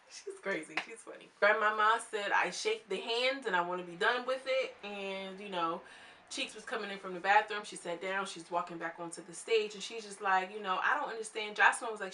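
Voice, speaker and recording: A woman's voice: mid-range voice, a little hiss or hum. A young woman recapping a reality show in a chatty, casual vlog, acting out what people said. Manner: chatty, animated, quotes people in voices. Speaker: reality TV reviewer.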